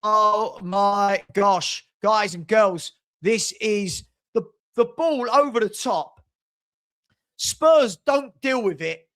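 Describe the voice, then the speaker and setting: An older man hosting a live football watchalong, exasperated and sarcastic, breaking into shouts. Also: sits high, slow. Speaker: fan watchalong host.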